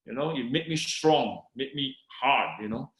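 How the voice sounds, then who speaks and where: A middle-aged man from Malaysia telling his testimony in an interview, excited, peppering his story with "you know" and reading scripture with slow emphasis. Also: medium pitch, echoey room, rough recording. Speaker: guest sharing his testimony. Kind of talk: animated personal testimony.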